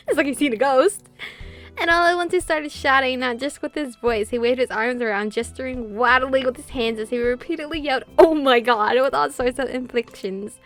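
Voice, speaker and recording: A young woman streamer reading a visual novel aloud, with giggly, excitable reactions. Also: high-pitched, normal speed. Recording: faint game music behind.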